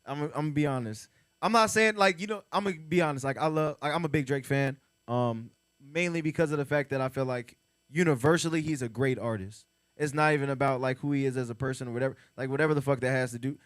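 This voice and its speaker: A man's voice: mid-range voice, no room sound. Laid-back man, dry podcast sound. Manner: laid-back, measured, hedges with fillers. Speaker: podcast co-host. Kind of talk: casual chat.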